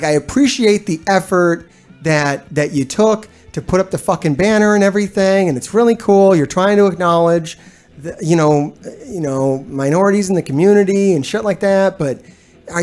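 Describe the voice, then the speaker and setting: A male streamer talks straight to his live chat in a loose, rambling rant. He swears freely and sounds fed up, laughing now and then as he restarts his sentences. Soft music plays faintly underneath. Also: high voice, normal speed. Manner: profane, blunt and exasperated, with frequent laughs. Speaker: gaming streamer and video host. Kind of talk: casual ranting commentary to a live chat.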